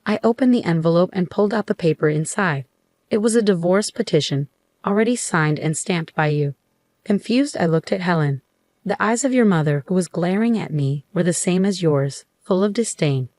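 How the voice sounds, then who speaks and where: A woman giving a measured, scripted first-person narration of a story. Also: fairly low pitch, lively intonation, a little mellow, dry recording.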